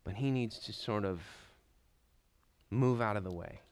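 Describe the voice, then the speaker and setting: A man preaching a sermon as a pastor, building to slow, emphatic stresses and then dropping back to a soft, quiet delivery. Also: on the low side, smooth.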